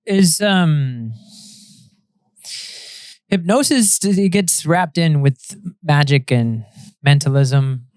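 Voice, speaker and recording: A man hosts a casual podcast, cracking wry jokes in a slightly high voice. His pitch moves up and down a lot as he banters. The sound is dry and close to the mic. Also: animated, extremely slow, pauses often, a little mellow, smooth, no room sound.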